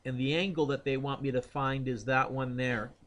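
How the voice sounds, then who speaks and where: A male physics teacher working through a momentum problem aloud in class, thinking out loud and quizzing students by name. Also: medium pitch, flat delivery, moderate pace, slight background noise.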